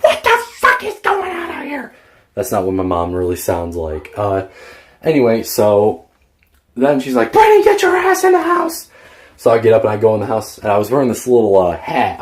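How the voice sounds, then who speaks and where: Low-pitched man, casual rambling vlog storyteller, profane. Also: a little mellow. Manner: rambling, profane, many fillers. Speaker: vlogger.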